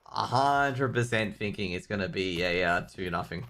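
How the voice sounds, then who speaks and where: A man's voice: sits low, lively intonation, moderate pace, a bit bright, slight background noise. An Australian man casting a live esports match, rambling and joking with the chat between rounds. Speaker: esports caster.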